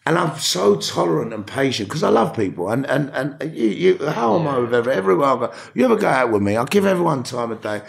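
A middle-aged man with a London accent, an actor telling stories as a podcast guest, animated and swearing freely. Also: medium pitch, fast talker, gravelly, hardly any pauses. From England. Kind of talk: casual podcast interview.

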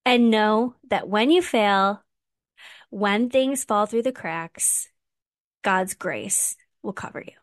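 A mom hosting a casual faith podcast talks earnestly and from the heart, close to the mic, and grows emotional as she goes. Her voice is medium in pitch and she takes it slowly. There's no echo.

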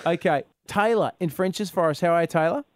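A man with an Australian accent hosting a radio show, bantering and talking with callers, often getting excited. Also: a little fast, dry recording, studio quality. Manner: excitable, goes high and loud when amused. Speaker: radio host. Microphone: studio microphone.

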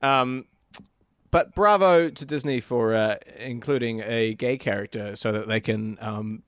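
A man's voice: mid-range voice, unhurried, no room sound. Man, casual comedic chat, dry wit, muttered asides, dry room.

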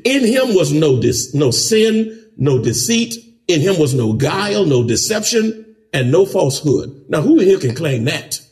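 Man, preacher, high voice, very animated pitch, measured delivery. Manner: preaching with big pitch swings, rising to shouts. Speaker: pastor. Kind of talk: sermon.

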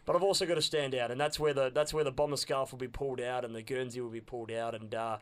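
A man's voice: medium pitch, fairly even intonation, quick pace, clean tone. A young adult man with an Australian accent, chatting enthusiastically as a podcast co-host, often repeating words as he goes. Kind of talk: casual chat.

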